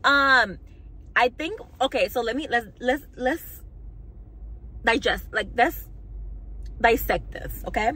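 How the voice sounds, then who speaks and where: A woman's voice: on the high side, expressive, slow pace, pauses often, sharp tone, slightly rough, low-quality recording. A young woman vlogger telling a storytime rant to camera, heated, mocking and full of swearing.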